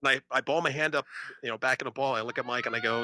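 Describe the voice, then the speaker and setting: A man co-hosting a podcast, telling a story in a casual, animated way and acting out the voices of other people. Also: medium pitch, rapid-fire, very noisy. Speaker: podcast co-host.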